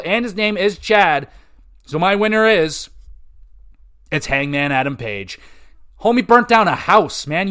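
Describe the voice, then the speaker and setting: A young man with a fairly high voice hosting a podcast in casual chat. He talks excitedly, rambles and swears freely, leaning on filler words as he goes. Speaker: podcast host.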